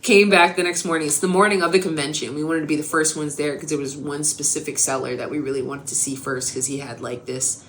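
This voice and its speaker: Female podcast co-host, low voice, lively storyteller who acts out quotes, faint background noise. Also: quick pace, few pauses. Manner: animated storytelling, swears a lot, acts out quotes. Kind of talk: casual chat.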